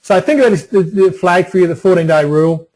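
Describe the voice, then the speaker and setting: A man's voice: sits high, quick pace, a little mellow, low-quality recording. A middle-aged man presenting a webinar in a folksy way, repeating phrases and restarting often. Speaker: webinar presenter on emotional resilience.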